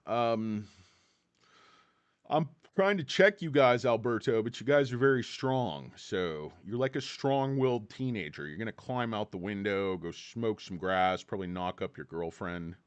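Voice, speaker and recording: A man's voice: low voice, clean tone, dry recording. A tired man from California's Central Valley hosting a casual stock livestream, rambling and joking with plenty of fillers. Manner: rambling, jokey, many fillers.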